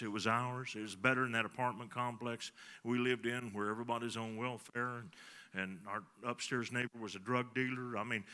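Bright-voiced preacher telling a story. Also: male voice, mid-range voice. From Texas. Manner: folksy storytelling, talks to the congregation. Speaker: pastor. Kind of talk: sermon.

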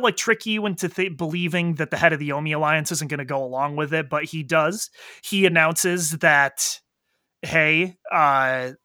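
A man in casual chat who animatedly retells a video game story. He swears freely and acts out the characters in quick quoted lines. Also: a little high, pushed and bright, no room sound, clean studio sound.

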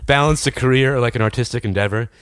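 A man's voice: mid-range voice, racing, fairly bright tone. A man co-hosting a podcast, a playful interviewer who laughs easily while asking questions. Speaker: podcast co-host. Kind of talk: casual podcast chat.

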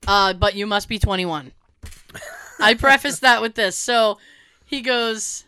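Animated woman telling a story, bright voice. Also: moderate pace, vocal fry, smooth, no room sound. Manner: animated, acts out quoted voices with big jumps in pitch and volume. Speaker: podcast co-host. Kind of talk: casual chat and storytelling.

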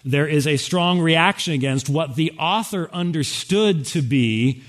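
A man giving a quick, wry sermon-style lecture to a conference audience. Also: a little high, fairly bright tone. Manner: fast-talking, wry, addressing an audience with interpreters. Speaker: speaker at a Christian conference.

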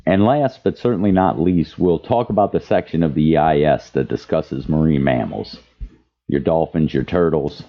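A man's voice: a bass voice, normal speed. A man hosting a podcast, speaking with passion and reading quotes aloud. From Louisiana. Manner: impassioned, reads quotes aloud. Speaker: podcast host. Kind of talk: advocacy podcast commentary. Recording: dull lo-fi sound.

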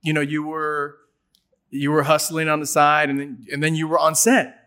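A man with a somewhat high speaking voice hosts a laid-back conversation. He talks in an easygoing, rambling way and often repeats a word before going on. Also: little pitch movement, normal speed, bright, forceful tone, clear, resonant tone. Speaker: interviewer host. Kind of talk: casual interview chat.

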